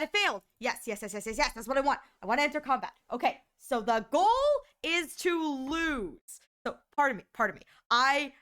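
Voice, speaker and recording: High, bubbly woman streamer. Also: clean tone. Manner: excitable, giggly, frequent exclamations. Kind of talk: casual live-stream chat.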